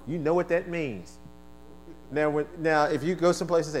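A male pastor preaching a sermon, leading call-and-response and swinging from quiet asides to shouted exclamations, originally from the American East Coast. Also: fairly high pitch, fast talker, soft background music, low-quality recording.

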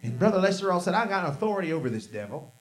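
High-voiced preacher with shouted bursts. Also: male voice, sing-song, rapid-fire. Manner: storytelling preacher, swings from low murmurs to loud shouted bursts; call-and-response with the congregation. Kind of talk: sermon.

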